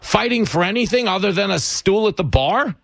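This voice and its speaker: A man's voice: sits high, expressive, brisk, gravelly, a bit bright, dry recording, clean studio sound. A man hosting a talk radio show, sarcastic and mocking as he banters with callers. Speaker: radio host.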